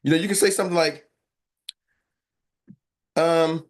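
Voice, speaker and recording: High-voiced energetic man coaching sales. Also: measured pace. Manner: energetic, acts out customer replies, asks "are y'all with me?". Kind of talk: live sales training talk.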